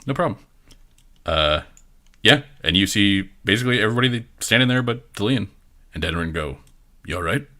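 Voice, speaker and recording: A man's voice: lowish voice, animated, fairly quick, pauses often, bright, forceful tone. A man running a tabletop game as game master, narrating in a casual, joking way with frequent fillers.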